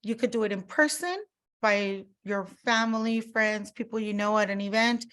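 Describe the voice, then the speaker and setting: A woman's voice: mid-range voice, moderate pace, a bit bright. A woman giving a casual sales training talk, chatty, full of fillers and acted-out customer quotes.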